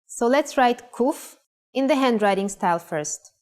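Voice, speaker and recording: A woman presenting a scripted language lesson, pronouncing words clearly and carefully. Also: a little high, expressive, unhurried. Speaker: language teacher.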